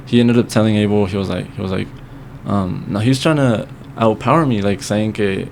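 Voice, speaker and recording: A young man with a low voice tells a long, rambling story on a podcast, swearing often and slipping into Spanish now and then. There is faint ambient noise under his voice. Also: a little fast, vocal fry, darkish tone. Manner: rambling, swears freely, mixes in Spanish phrases. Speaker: podcast guest. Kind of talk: casual storytelling chat.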